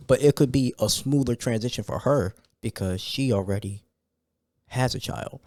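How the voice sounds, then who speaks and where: A man hosting a solo podcast in a loose, conversational way, full of fillers and sudden excited rants. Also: medium pitch, normal speed, no echo. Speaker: podcast host. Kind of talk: casual solo podcast talk.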